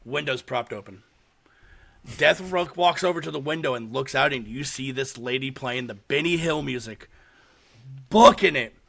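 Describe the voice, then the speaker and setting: A man hosting a podcast, telling a story in casual chat with animated delivery and lots of swearing. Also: mid-range voice, normal speed, vocal fry, husky. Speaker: podcast host. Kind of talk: casual chat recapping a horror short.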